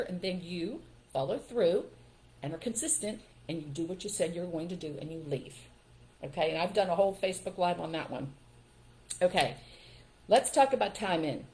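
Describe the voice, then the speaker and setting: An older woman hosting a live stream, giving parenting advice in a relaxed, emphatic way and acting out what to say to children. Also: medium pitch. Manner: emphatic and instructive, acts out what parents should say.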